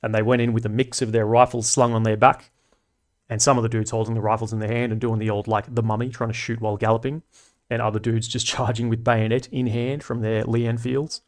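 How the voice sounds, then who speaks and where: On his laid-back livestream, the Aussie host, a man in his thirties, chats casually with lots of slang and regular swearing. He speaks slightly quickly in a mid-range voice with little pitch variation.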